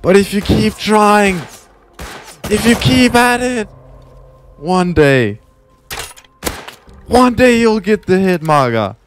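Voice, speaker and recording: A man putting on the voice of an earnest motivational speaker, loud and dramatic as he pushes through a mock inspirational speech. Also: sits high, expressive, takes it slowly, pauses often, faint music behind, voice pushed up. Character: earnest male motivational speaker, grand and uplifting.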